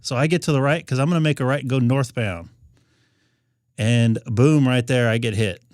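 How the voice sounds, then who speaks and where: A man's voice: mid-range voice, moderate pace, darkish tone, no room sound, clean studio sound. A man hosting a ham radio live stream, talking casually and rambling with frequent fillers and restarts.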